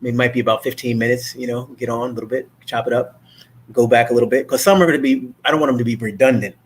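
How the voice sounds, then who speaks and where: On his talk show, a man speaks fast in a husky, medium-pitched voice. He rambles casually with many fillers and restarts, slipping into other people's voices for animated quotes.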